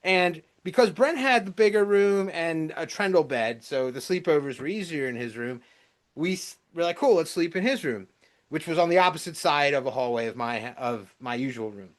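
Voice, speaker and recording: Laughing, halting young co-host man. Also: a little high. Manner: laughs while telling stories, halting restarts. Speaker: podcast co-host, son. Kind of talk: casual storytelling chat.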